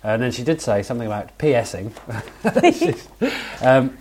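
A man co-hosting a casual podcast, jokey and quick to laugh. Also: mid-range voice, very animated, a little mellow, slight background noise. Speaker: podcast co-host. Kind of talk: casual chat.

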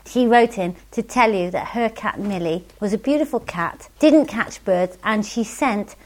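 A woman's voice: mid-range voice, a little slow, a little mellow. A woman hosting a casual podcast, chatty and giggly, reading out listener emails. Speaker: podcast host.

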